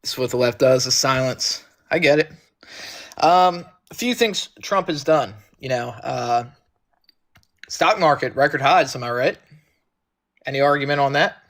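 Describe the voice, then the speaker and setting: A man's voice: mid-range voice, a little slow, pauses often, a bit bright. A man in his twenties, a caller on a political stream, defiant and answering questions with questions. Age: 20s. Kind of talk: live-stream political debate.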